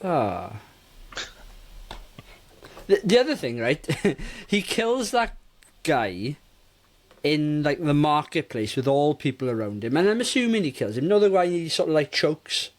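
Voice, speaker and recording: A man co-hosting a casual movie review podcast, talking in an animated, rambling way and often interrupting himself. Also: a little high, a little slow, pauses often. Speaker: podcast co-host.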